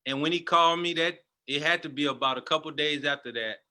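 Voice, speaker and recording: A man's voice: on the high side, fast, bright, forceful tone. A man telling a passionate personal testimony as a guest, in a storytelling manner.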